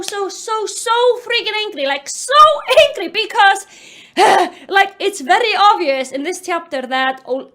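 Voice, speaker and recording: A young woman recapping a book in casual commentary, animated and exasperated, with lots of fillers. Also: extremely high pitch. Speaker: YouTube commentator.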